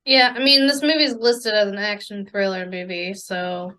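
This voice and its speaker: A woman's voice: medium pitch, fairly even intonation, normal speed, sharp tone. A woman co-hosting a podcast, chatting casually and playfully, easily flustered by teasing. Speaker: podcast co-host. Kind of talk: casual chat.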